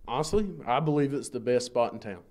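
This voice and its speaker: A man's voice: medium pitch, quick pace, a little mellow. A man, a pro wrestler, giving plain, laid-back answers in a casual local TV interview. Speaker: pro wrestler promoting a show.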